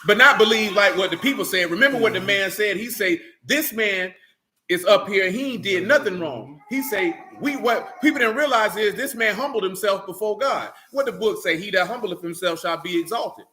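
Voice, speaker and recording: Male Bible teacher, high bright voice, preachy, keeps quizzing the class. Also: brisk, hardly any pauses, a little hiss or hum. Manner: preachy, calls out questions to the class. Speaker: teacher leading a Bible study. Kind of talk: sermon.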